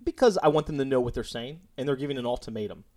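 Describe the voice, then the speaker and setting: A man's voice: medium pitch, very fast, darkish tone. A man in his thirties, a father, chatting casually as a podcast co-host and laughing often. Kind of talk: casual chat.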